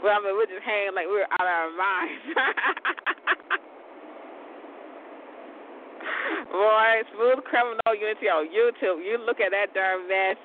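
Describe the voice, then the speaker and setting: A man's voice: fairly quick, hardly any pauses. A man hosting his own show in a loose, rambling chat, laughing often and cursing mildly. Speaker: show host. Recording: tinny phone-like audio with vehicle rumble.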